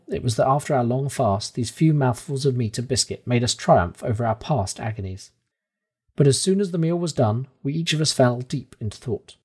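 A man reading a classic novel aloud in calm, measured audiobook narration. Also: medium pitch, slightly rough.

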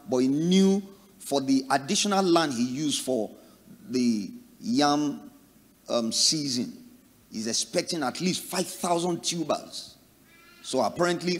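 Nigerian pastor preaching in a reverberant hall. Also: male voice, mid-range voice. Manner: animated storytelling, acting out the people in the story with sudden loud bursts. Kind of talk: sermon. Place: church. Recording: long reverb of a church hall.

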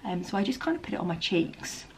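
A woman's voice: mid-range voice, big pitch swings, fast, vocal fry, a little hiss or hum. A woman talking casually to camera in a beauty vlog, chatty with plenty of ums. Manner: chatty, upbeat, lots of ums. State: tired, croaky, half-whispering. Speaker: vlogger.

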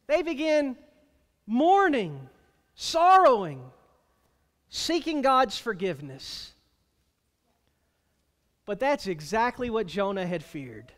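A man preaching a sermon as pastor, emphatic, slowing down to stretch out key phrases. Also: extremely high pitch, sing-song, a bit bright. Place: church sanctuary. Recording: long reverb of a church hall.

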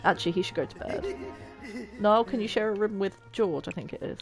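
A woman's voice: mid-range voice, a little fast, soft background music. A young woman chatting and giggling her way through a life-sim game as a streamer. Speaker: gaming streamer. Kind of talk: casual gameplay commentary.

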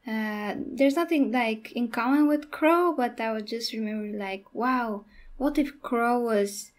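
Young woman, casual movie review, halting delivery, fairly high voice. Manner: halting, with frequent restarts and fillers.

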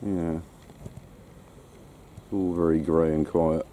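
A man with a very low, deeply mellow voice mutters along as he films outside on the coast. He grumbles in irritated asides, and faint outdoor noise sits behind him on a handheld camera. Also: level tone, slow pace. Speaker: vlogger walking his dog. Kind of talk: casual walk-and-talk commentary.

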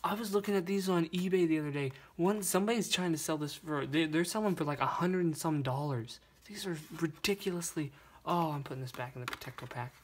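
A young man vlogging as he unboxes toy cars, gushing and stammering with excitement. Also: fairly high pitch, brisk, slightly rough. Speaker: toy car collector vlogger. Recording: noisy room with crinkling bags.

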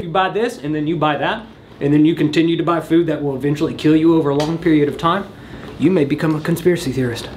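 A man hosting a comedic product-review vlog, sarcastically roasting cheap props with bursts of laughter. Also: a little high. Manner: bursts of laughter and startled yelps.

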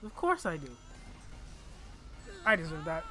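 A man commentating his own game playthrough, exasperated and swearing, muttering to himself between loud outbursts at a desk microphone. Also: fairly high pitch, very animated, a little slow, soft background music. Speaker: gaming channel host. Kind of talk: casual let's play commentary. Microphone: desk microphone by a laptop.

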